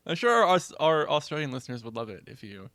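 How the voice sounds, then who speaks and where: A man's voice: fairly high pitch, sing-song, a little fast, a bit bright, no room sound, studio quality. A man co-hosting a gaming podcast, easygoing and a bit hesitant as he plugs his streams. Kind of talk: casual chat.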